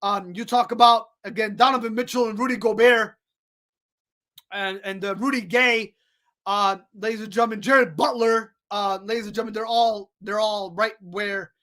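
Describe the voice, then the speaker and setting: Excitable high-voiced sports podcast man. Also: normal speed. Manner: excitable, repeats "folks" and "ladies and gentlemen", many restarts. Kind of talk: solo sports podcast, scores and picks.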